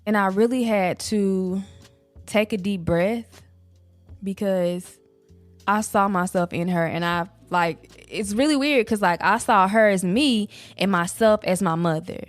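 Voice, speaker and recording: A woman's voice: mid-range voice, unhurried, no room sound, soft background music. A woman and mother talking candidly about her own healing, in a casual, rambling way with many "like" fillers. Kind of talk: candid personal talk to camera.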